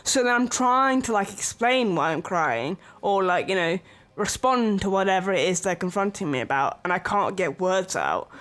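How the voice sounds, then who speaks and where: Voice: medium pitch, lively intonation, normal speed, hardly any pauses, a bit bright. Chatty streamer. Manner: rambling, chatty, full of filler words and small laughs. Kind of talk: casual stream chat.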